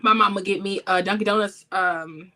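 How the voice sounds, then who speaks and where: A woman in her twenties, a business owner and interview guest, who talks in a relaxed, reflective way with frequent fillers. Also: mid-range voice, moderate pace. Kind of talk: casual interview.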